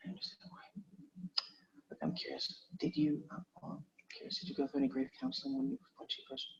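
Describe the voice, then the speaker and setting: A man rehearsing script lines aloud, repeating each line in a gentle counseling tone. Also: fairly high pitch, huge pitch swings, fast, creaky. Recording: dull lo-fi recording, faint background noise.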